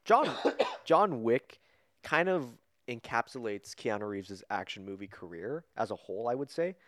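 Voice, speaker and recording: A man co-hosting a podcast in casual chat, enthusiastic, his remarks often trailing off into quieter asides. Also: mid-range voice, sing-song, a little slow, dry recording, clean studio sound. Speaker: podcast co-host.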